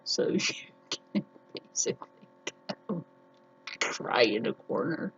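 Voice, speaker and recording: A woman's voice: sits low, big pitch swings, slow, dull audio, a little hiss or hum. A woman chatting casually to the camera as a sewing vlogger, defiant and chatty. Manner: chatty and defiant, with frequent laughs.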